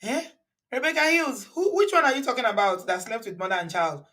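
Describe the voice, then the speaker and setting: A woman's voice: a little high, big pitch swings, brisk, fairly bright tone, distant mic. Nigerian female host, loose and chatty, recorded slightly off-mic. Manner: chatty, laughs often, mixes in Yoruba words. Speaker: host reacting to a video. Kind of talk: casual reaction chat.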